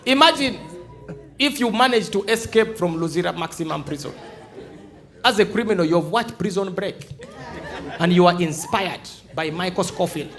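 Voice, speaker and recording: A man's voice: high-pitched, moderate pace, pauses often, a faint crowd. A man from Uganda with a Ugandan English accent, performing live stand-up comedy in a theatre and acting out dialogues. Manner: animated, acts out dialogues in shifting voices. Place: large theatre stage before a live audience.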